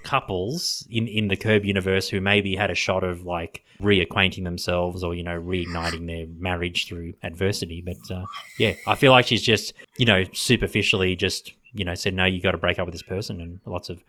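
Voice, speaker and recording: A man's voice: low voice, moderate pace. A man hosting a podcast who casually recaps a TV episode with lots of laughter and some swearing. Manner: chatty, laughing, profane, animated. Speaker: podcast host.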